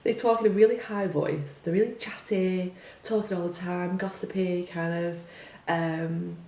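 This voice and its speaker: This casual opinion monologue comes from a young woman who is a teacher, and it's loaded with rhetorical questions and filler words. Her fairly low, dark voice stays fairly even and runs a little slow. The recording has a distant mic, room echo, and faint hum.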